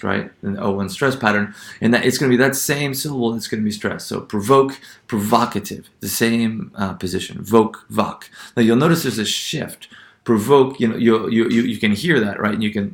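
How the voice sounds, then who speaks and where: A man's voice: fairly low pitch, vocal fry. Hesitant male teacher in an echoey room. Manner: hesitant, many fillers and restarts, checks with "right?". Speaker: English pronunciation teacher. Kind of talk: recorded lecture.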